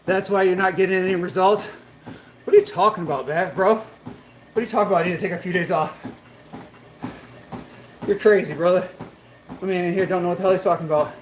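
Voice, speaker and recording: Talking fast with frequent pauses, a man whose voice sits high answers viewers' questions on a casual fitness stream. He swears freely and calls people bro and brother, recorded in an echoey room with faint background noise.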